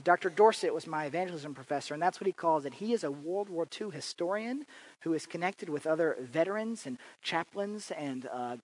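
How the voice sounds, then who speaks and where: A man's voice: on the high side, rough recording. A man giving an informal church talk, telling chatty, humorous stories with frequent fillers and restarts. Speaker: church speaker and improv teacher.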